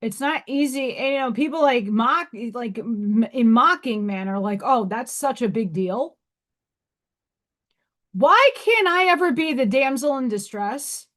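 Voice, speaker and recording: Candid woman with a lively, high voice. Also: moderate pace, few pauses. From New York. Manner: candid, emphatic, frank. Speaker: livestream host. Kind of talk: casual livestream chat.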